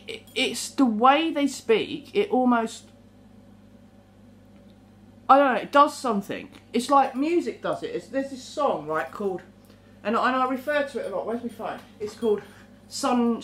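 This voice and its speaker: A woman's voice: fairly high pitch, slight background noise. Rambling woman vlogging. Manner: rambling, animated, swears at times. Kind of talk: casual rambling monologue.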